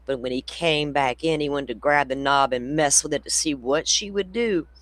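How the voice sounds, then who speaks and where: A man's voice: on the high side, normal speed, a bit bright, no room sound. A man hosting a casual true crime livestream, rambling through stories, laughing often and swearing freely. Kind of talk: casual chat with viewers.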